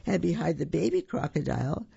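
A reader telling a children's picture book slowly, stretching words and adding sound effects. The voice is gravelly and husky with a dark tone. The recording is dry and dull. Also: mid-range voice, no room sound. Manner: slow, drawn-out storytelling with sound effects. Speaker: storytime reader.

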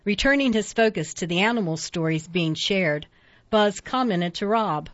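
A woman narrating a storybook at a steady pace, giving each character its own voice. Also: medium pitch, moderate pace, no room sound. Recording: dull lo-fi dry recording.

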